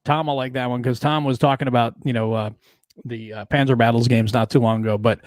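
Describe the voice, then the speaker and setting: A chatty man hosts a casual podcast about games. His voice sits in an ordinary middle pitch and is recorded very dry and close. He rambles along with plenty of fillers. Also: steady tone, a little fast, no room sound. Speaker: podcast host. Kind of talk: casual chat.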